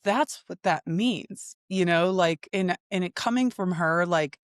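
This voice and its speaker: A woman's voice: lowish voice, unhurried, no echo, studio quality. A woman in her thirties, a guest improv teacher, telling personal stories in casual conversation with frequent laughter. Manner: animated storyteller, laughs often.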